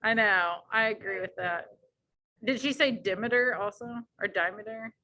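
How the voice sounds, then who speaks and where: A woman's voice: mid-range voice, moderate pace, bright, forceful tone. A woman making amused, joking comments in a casual chat.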